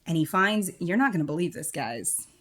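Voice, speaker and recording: A woman co-hosting a podcast, chatting casually about films in an animated, self-mocking way. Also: lowish voice, normal speed. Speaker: podcast co-host. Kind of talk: casual film review chat.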